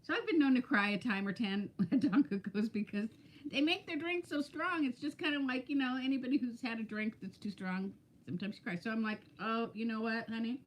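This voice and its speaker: A woman's voice: on the high side, brisk. A woman in her fifties chatting casually on a live stream, telling stories and greeting viewers by name. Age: 50s. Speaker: weight-loss vlogger.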